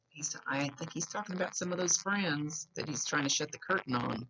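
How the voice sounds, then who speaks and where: A woman's voice: low voice, fairly quick, few pauses, sharp tone. A woman psychic medium with a slight lisp, giving an earnest, reassuring reading and repeating key phrases. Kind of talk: giving a spoken reading to a client. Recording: dull lo-fi recording.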